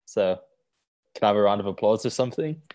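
A man co-hosts a casual podcast over a video call. His voice is fairly low, and his delivery is relaxed and joking, full of laid-back slang. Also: fast. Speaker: podcast co-host.

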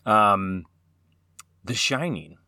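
A man's voice: on the low side, lively intonation, extremely slow, sharp tone, no echo, studio quality. A man hosting a horror movie podcast, chatting casually with many fillers and restarts. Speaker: podcast host. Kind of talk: casual chat.

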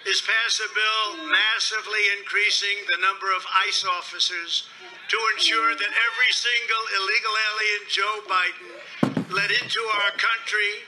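A man's voice: high-pitched, steady tone, moderate pace, background noise, close to an everyday voice. A man doing a comic impression of a politician, giving a rambling, boastful, repetitive rally-style speech. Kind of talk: mock rally speech with a recited poem.

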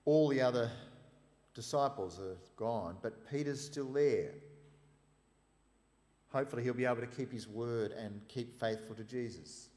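A man's voice: mid-range voice, a little slow, pauses often, a little mellow. A man preaching a sermon, retelling scripture in an emphatic, storytelling way with casual asides. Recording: long reverb of a large hall.

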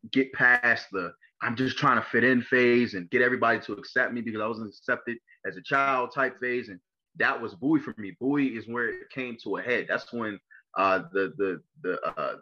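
A young man from Maryland telling his life story in an interview, halting and full of fillers and restarts. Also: lowish voice, sharp tone, muffled recording. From Maryland, USA. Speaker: interview guest. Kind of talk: personal testimony interview.

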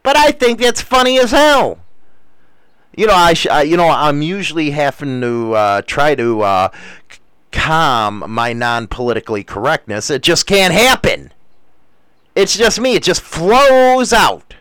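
A man in a livestream chat with a fairly high, very lively voice that swoops up and down as he talks. He goes slowly and rambles, dropping crude, profane jokes. The sound is dry and close, with no room around him. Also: clean tone, no echo. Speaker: livestream host reading chat. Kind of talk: casual crude livestream commentary.

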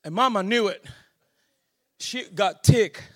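A man preaching a sermon, telling a family story in a low, quiet voice and then rising into shouted exhortation. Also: slow pace.

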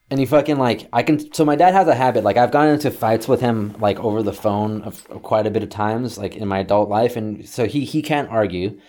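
A young man telling a story casually, swearing a lot and acting out shouted quotes. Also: lowish voice, a little fast, hardly any pauses. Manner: profane, animated, acts out yelling quotes.

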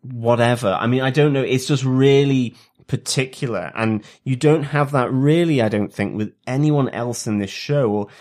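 A man of middle pitch co-hosts a TV review podcast. He talks in a loose, casual way and often stalls on fillers and repeated words as he works out his point. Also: normal speed, darkish tone. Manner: hesitant, many fillers and restarts. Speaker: podcast co-host.

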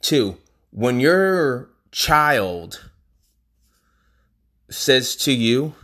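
A man's voice: medium pitch, big pitch swings, very slow, a bit bright. A man hosting a podcast, talking in a casual, rambling, emphatic monologue. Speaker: podcast host.

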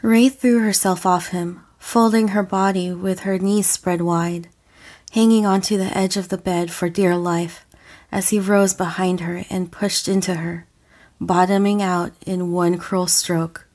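A woman reading an audio story as a narrator, slow and deliberate. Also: fairly low pitch, fairly even intonation, darkish tone. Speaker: audiofic reader.

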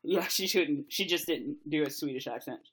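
A woman's voice: low-pitched, normal speed. A woman co-hosting a podcast, chatting casually and candidly about a TV mystery adaptation, swearing lightly and laughing often. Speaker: podcast co-host. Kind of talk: casual chat reviewing a TV adaptation.

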